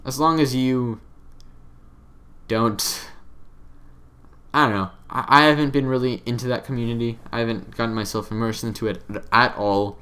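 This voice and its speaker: Brief: young male let's player, mid-pitched, offhand and self-deprecating, wanders off topic. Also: fairly even intonation, moderate pace, long pauses, pushed and bright. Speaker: let's play commentator. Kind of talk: casual gaming commentary.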